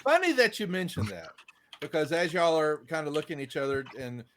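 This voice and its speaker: A man's voice: fairly high pitch, big pitch swings, fairly quick, fairly bright tone, slight background noise. A man, running a tabletop game in loose, rambling narration. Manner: loose, rambling, full of fillers and restarts. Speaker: game master.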